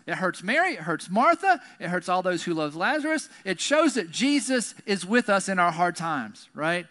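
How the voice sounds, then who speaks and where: High, forceful conversational preacher. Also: male voice, sing-song, moderate pace, hardly any pauses. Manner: conversational, tags sentences with "right?". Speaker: pastor. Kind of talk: sermon.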